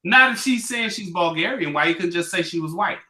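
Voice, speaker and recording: A man's voice: sits high, expressive, a little fast, bright, forceful tone. A man co-hosting a podcast, arguing in heated casual banter, combative and profane, firing off questions. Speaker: podcast co-host.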